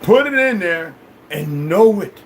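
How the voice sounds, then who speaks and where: A man delivering a combative, profanity-laden monologue to camera, dropping to low mutters and rising to shouts, with many restarts and repeated words. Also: lively intonation, unhurried, slight background noise. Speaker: vlogger.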